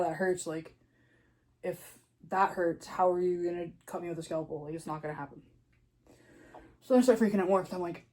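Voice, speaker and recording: Chatty young woman, mellow voice. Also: fairly low pitch, low-quality recording. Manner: chatty, lots of "like", re-enacts her own panicked lines. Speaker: new mother telling her birth story. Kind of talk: casual storytelling vlog.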